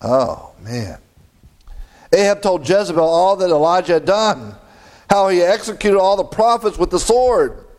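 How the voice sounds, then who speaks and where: A man's voice: high voice, lively intonation, a little slow, a little mellow. A man preaching a sermon, reading scripture and adding conversational asides with frequent chuckles.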